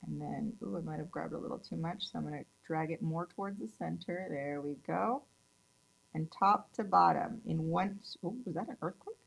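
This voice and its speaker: A woman's voice: deep voice, normal speed, creaky, poor audio. A woman in her thirties from California, chatting upbeat through a casual nail tutorial demo. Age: 30s. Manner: chatty and upbeat, gushes over colors. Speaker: nail tech instructor.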